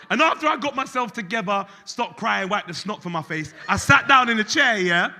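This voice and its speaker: A man doing stand-up on stage. His voice sits high and swings widely in pitch, with a very bright, forceful edge. He moves from loud, animated outbursts to soft, hushed bits of acted-out dialogue. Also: brisk, creaky, few pauses, slight background noise. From England. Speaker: stand-up comedian. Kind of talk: stand-up comedy set. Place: concert hall stage before a live audience.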